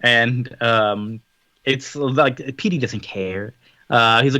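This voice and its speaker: A man co-hosting a podcast in casual chat, summarizing a story with quick acted-out quotes. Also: medium pitch, bright, forceful tone, no room sound. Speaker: podcast co-host.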